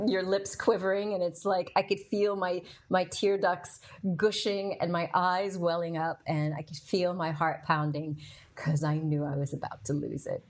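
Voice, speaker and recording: A middle-aged woman with a fairly low voice tells her own story on a podcast. She talks candidly and with feeling, and she answers the comments of her live audience as she goes. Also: fairly even intonation, normal speed. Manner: candid and emotional, with frequent fillers. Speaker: podcast host.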